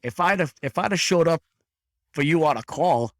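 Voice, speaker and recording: A man voices a big, burly male firefighter with a Boston accent, blunt and crude, delivering blunt ribbing. He speaks at normal speed with lively intonation, pitched on the high side and above his own natural voice, in a dry, clean studio recording.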